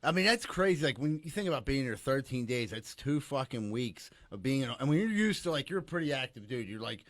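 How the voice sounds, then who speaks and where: Joking man with a lively voice. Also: medium pitch, a little fast, dry recording. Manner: joking, chiming in with banter. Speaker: podcast co-host. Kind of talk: casual podcast chat.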